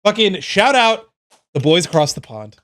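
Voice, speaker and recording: A man's voice: sits high, moderate pace. A man co-hosting a casual podcast, swearing freely and ranting with energy. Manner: profane, animated ranting. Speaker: podcast co-host. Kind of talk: casual chat.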